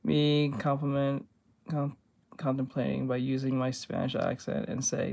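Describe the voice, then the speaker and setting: A man with a naturally high voice talks loosely to his stream audience, peppering his speech with fillers and casual swearing. His pitch sits in the middle range for men. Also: completely flat delivery, a little slow, creaky, darkish tone. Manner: loose and chatty, swears freely, many fillers. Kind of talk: casual live-stream chat.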